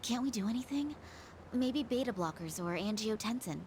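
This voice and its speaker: A woman's voice: fairly high pitch, expressive, moderate pace, darkish tone, a little hiss or hum, lightly acted. An actress playing an earnest young female medical assistant who sounds pleading and anxious.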